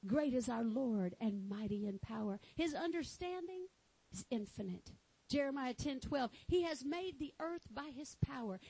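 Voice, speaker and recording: A woman's voice: sits high, warm tone, husky, low-quality recording. A woman with a Texan accent preaching a fervent sermon, exclaiming and reading scripture aloud. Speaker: pastor.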